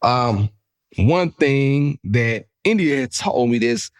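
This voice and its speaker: Animated, slangy man hosting a podcast. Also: mid-range voice, slow, no room sound, clean studio sound. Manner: animated storyteller, slangy and profane, jumps into voices. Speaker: podcast host. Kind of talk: casual podcast chat.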